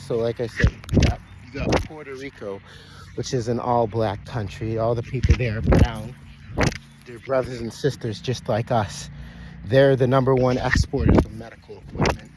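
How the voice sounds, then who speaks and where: A man's voice: mid-range voice, steady tone, normal speed, heavy background noise. A man giving a loose, rambling preaching monologue to his online followers, repeating phrases, breaking off mid-sentence and calling them brothers and sisters. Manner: calls out to listeners as brothers and sisters. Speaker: online speaker addressing followers.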